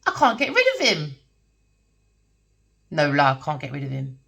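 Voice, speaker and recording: A woman with talks through a tarot reading, her pitch leaping around in a lively, sing-song way. She rambles and preaches in a blunt, casual manner, swears freely, and keeps checking whether you understand. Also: normal speed, vocal fry, breathy edge. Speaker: tarot reader. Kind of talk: casual spiritual monologue.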